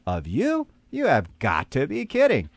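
A man voicing a calm, unafraid young male lamb in a spoken story, talking quietly and coolly. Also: on the high side, unhurried, gravelly, no room sound, voice pushed up, full character voice. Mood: scoffing.

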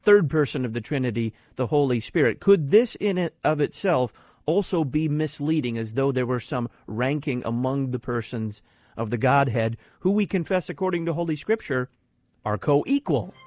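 A male radio host introduces his guest and reads out listener questions with deliberate, polished timing. The studio sound is dry and close, slightly dull. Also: medium pitch, lively intonation, a little mellow, no echo. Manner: crisp, deliberate broadcast delivery. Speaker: radio talk show host. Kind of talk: radio hosting and announcements.

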